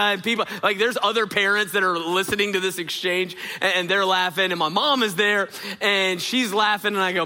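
A middle-aged male pastor gives a relaxed, story-driven sermon in a fairly high, bright voice. He fills his sentences with "uh" and "right?" and talks directly to his listeners. His voice rings out with the long echo of a large hall. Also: moderate pace. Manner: storytelling, filler-heavy, addresses audience directly. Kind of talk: conversational sermon.

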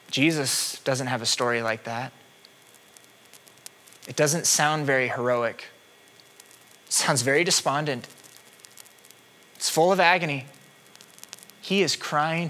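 A man preaching a sermon with dramatic delivery, swinging between loud cries and hushed tones. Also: on the high side.

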